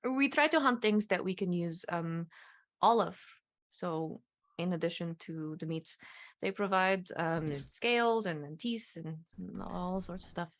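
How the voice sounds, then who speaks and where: A woman's voice: lowish voice, unhurried. A woman playing a tabletop game, talking in an easygoing way, partly in character. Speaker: player.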